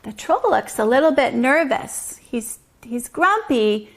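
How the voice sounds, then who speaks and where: Slow-talking woman reading to toddlers. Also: sits high, big pitch swings. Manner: slow, gentle, explaining. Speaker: preschool teacher. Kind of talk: reading a story aloud to toddlers.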